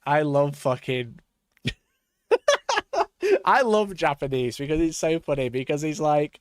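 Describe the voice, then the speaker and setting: Loud swearing male streamer, dry mic. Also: fairly high pitch, very animated, slow pace, long pauses, no echo. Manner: loud, mocking, swearing, bursts of laughter. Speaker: streamer reacting to a video. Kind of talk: live reaction commentary.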